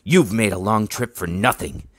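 A man voicing a menacing male kidnapper in a read-aloud storybook, taunting in slow, sneering lines. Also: lowish voice, no room sound, clean studio sound, close to an everyday voice.

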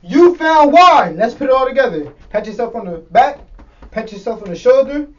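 A woman's voice: a little high, lively intonation, normal speed, darkish tone. A woman hosts a children's lesson, playful and upbeat, leading call-and-response games. Her voice rises and falls a lot, and the recording is distant and dull. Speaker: host.

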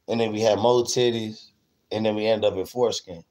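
A man's voice: on the low side, normal speed, a little mellow, poor audio. A man livestreaming, rambling crudely and repeating himself while he talks straight to his chat. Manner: profane, repetitive, talks to chat. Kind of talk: crude rambling stream rant.

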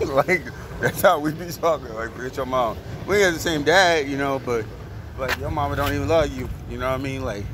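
A man ranting bluntly and with a lot of swearing in a casual monologue, as a truck driver filming himself at a truck stop. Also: mid-range voice. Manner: blunt, profane, heated. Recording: outdoor traffic noise.

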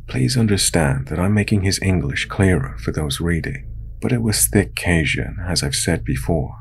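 A man with a very deep, gravelly voice narrates a true horror story in calm, measured tones. A faint hiss of background noise sits beneath the reading.

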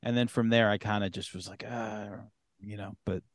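A man with a somewhat low voice hosts a casual podcast chat. He talks loosely, swears now and then and fills gaps with ums. The sound is dry, with no room echo. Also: steady tone, quick pace. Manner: loose and profane, many fillers. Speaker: podcast host.

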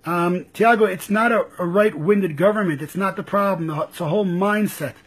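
A political commentator with a high, husky voice speaks at normal speed, giving impassioned, frustrated live commentary. He fires off rhetorical questions and keeps repeating himself.

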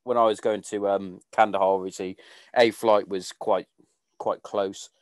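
Low-voiced man hosting a podcast. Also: fairly even intonation, unhurried, no echo. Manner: informal, swears casually, trails off. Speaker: podcast host. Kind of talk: casual conversation.

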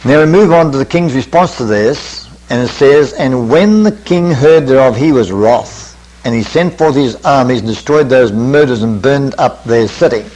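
An older male preacher taking a camp meeting through a parable, step by step. He talks in a measured, teacherly way, asks his listeners questions, and reads the old scripture wording with care. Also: mid-range voice, animated, a little mellow, rough recording. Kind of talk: Bible study lecture.

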